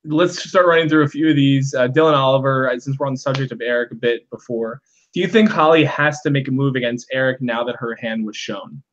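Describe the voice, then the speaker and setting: A man's voice: medium pitch, brisk. Rambling man hosting over a dull call line. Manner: rambling, full of ums and uhs, laughs a lot. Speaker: host of a live fan recap. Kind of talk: casual live-stream chat. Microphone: video call.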